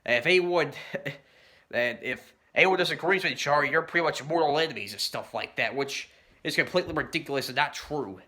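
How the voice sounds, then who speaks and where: A man delivering a rambling commentary rant, filling his points with "you know" and "stuff like that" and often clearing his throat. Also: on the high side, brisk, sharp tone. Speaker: commentary YouTuber.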